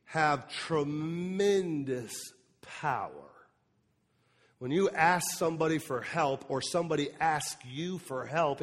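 A male pastor preaching a sermon. He acts out the lines of the Bible figures, pushing hard on the key words and then dropping to a near hush. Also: a little high, long reverb tail. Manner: dramatic preaching that acts out the Bible voices with rising emphasis.

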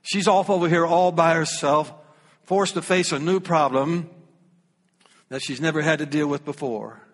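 A man's voice: a little high, moderate pace, in a large hall. A man with a Southern US accent preaching a sermon as pastor, folksy and humorous, reading scripture aloud.

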